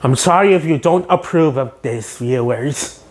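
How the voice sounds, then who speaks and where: A woman's voice: extremely low pitch, unhurried, a little mellow, a little hiss or hum. A woman casually recapping a cartoon episode scene by scene in a chatty, giggly way.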